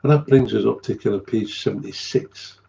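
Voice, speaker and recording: A man's voice: on the low side, brisk, creaky, dark tone, muffled recording. A middle-aged man, telling a candid story as a recovery sponsor, blunt and swearing freely, often trailing off and repeating himself.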